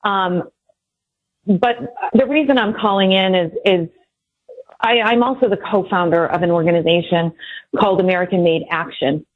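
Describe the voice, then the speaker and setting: A woman calling in to a radio show, speaking haltingly with many pauses. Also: on the low side, no echo. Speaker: caller, columnist. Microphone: telephone. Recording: tinny phone line.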